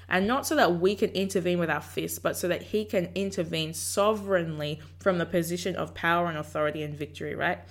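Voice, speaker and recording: A woman hosting a podcast, talking casually and reflectively about faith and acting out her own inner dialogue. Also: lowish voice. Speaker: podcast host. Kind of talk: casual faith encouragement talk.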